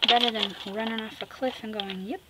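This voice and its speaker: A woman vlogging as she makes an art collage. She chats casually and sassily, talks to herself as she works, and often drops into soft whispers. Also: fairly high pitch, fairly quick. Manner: chatty, drifting into soft whispers; sassy, talks to herself while working. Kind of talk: casual chat while crafting. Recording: steady background noise with clicks.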